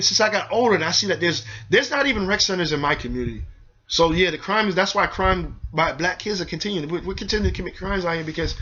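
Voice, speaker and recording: Fast-talking young man. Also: high-pitched, sharp tone, lo-fi sound. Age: young adult. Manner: preachy, urgent, addresses viewers directly. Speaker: show host. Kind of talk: earnest community advice monologue.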